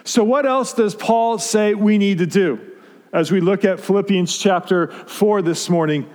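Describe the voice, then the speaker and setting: A man's voice: high voice, measured pace, darkish tone, in a large hall. A male pastor preaching a conversational sermon to his congregation, often restarting his phrases. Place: church sanctuary.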